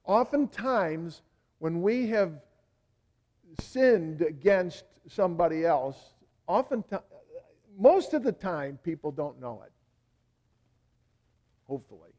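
A man's voice: high voice, sing-song, slow, long pauses, darkish tone. A male pastor giving a sermon in a conversational way, full of "you know" asides and words repeated for emphasis.

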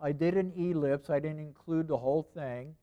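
Conversational male preacher, slightly high voice. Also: normal speed, muffled recording. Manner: conversational, repeats phrases, rhetorical questions. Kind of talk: sermon.

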